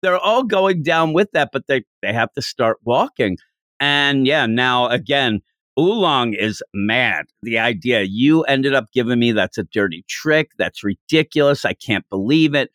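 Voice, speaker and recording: A man co-hosting a casual podcast, rambling and animated, breaking into high quoted voices now and then. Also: a little slow, no echo, studio quality. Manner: rambling, with restarts. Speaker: podcast co-host.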